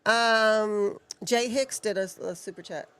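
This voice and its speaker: A co-host of a live wrestling watch-along, chatting casually and asking quick questions. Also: mid-range voice, a bit bright, smooth. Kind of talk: casual live-stream chat.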